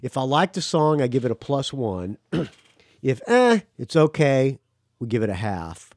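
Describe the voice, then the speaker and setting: A man's voice: mid-range voice, big pitch swings, unhurried, darkish tone, no echo. A man hosting a podcast in casual chat, rambling and teasing his guest. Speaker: podcast host.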